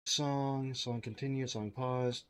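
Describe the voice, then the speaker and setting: A man streaming his game development live, thinking aloud as he works and chatting with his viewers in a relaxed, friendly way. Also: medium pitch, slow pace, clean tone. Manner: thinks aloud while coding, mutters to himself; friendly, thanks chat viewers directly. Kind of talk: casual live-stream chat.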